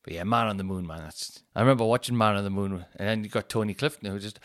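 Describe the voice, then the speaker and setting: Rambling man, lowish voice. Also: steady tone, quick pace, hardly any pauses. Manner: rambling, self-deprecating, swears casually. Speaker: comedian podcast host. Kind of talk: casual solo chat.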